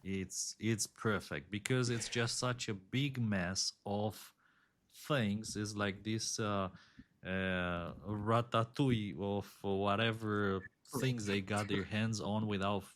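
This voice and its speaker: A man co-hosting a podcast, giving measured, opinionated analysis with many fillers. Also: fairly low pitch, fairly even intonation. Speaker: podcast co-host. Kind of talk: casual chat.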